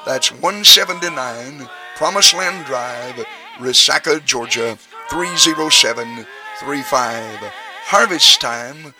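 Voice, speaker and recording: A man's voice: medium pitch, takes it slowly, over music. A man preaching a radio sermon, emphatic, his voice rising on key phrases. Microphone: studio radio microphone.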